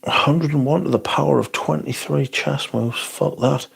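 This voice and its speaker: A man's voice: a little high, normal speed, vocal fry, slightly rough. A man hosting a casual livestream, swearing freely as he rants and answers viewer questions. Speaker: livestream host.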